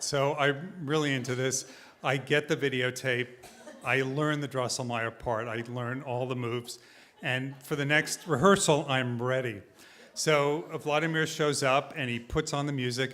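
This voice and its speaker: A man telling a personal story live on stage, animated and self-deprecating, often laughing as he talks. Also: mid-range voice, moderate pace.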